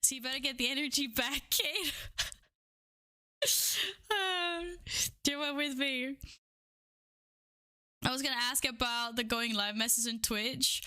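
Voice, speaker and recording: A woman's voice: a little high, unhurried, long pauses, bright, forceful tone, clean tone. A woman livestreamer chatting casually with her viewers, bubbly and giggly as she greets them one by one. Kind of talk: casual live-stream chat. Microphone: streaming microphone, wearing headphones.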